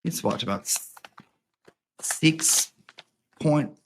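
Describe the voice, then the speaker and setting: A man's voice: fairly low pitch, animated, a little slow, vocal fry, slight background noise. A man hosting a casual home vlog, rambling and joking with plenty of swearing as he reads aloud. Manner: rambling, profane, jokey. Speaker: host. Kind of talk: casual vlog chat and reading.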